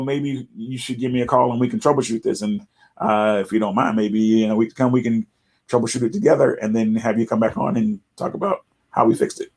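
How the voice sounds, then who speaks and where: A middle-aged man hosting a casual live talk, chatty and animated, sometimes mimicking callers in a raised voice. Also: fairly low pitch, gravelly, breathy edge. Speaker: host.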